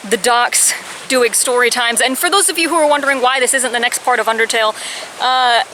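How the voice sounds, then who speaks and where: A woman in her twenties telling a casual storytime on her vlog, chatty, with high-pitched bursts when she quotes herself. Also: brisk, pushed and bright, slight background noise, poor audio. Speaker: vlogger.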